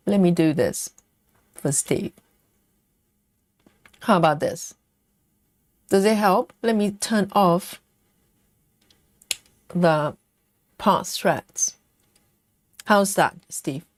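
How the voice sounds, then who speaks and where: A woman hosts a cross-stitch livestream, reading out viewer comments and thinking aloud with many ums in a relaxed, easygoing chat. Her voice is mid-range and the recording is dry.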